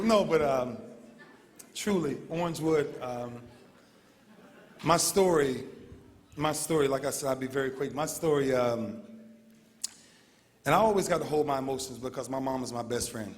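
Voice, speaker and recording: A man's voice: mid-range voice, moderate pace, long pauses, a faint crowd, slight background noise. A man in his thirties giving an emotional, heartfelt banquet speech, repeating his phrases with earnest feeling. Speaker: award speaker. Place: large banquet hall. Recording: long hall reverb.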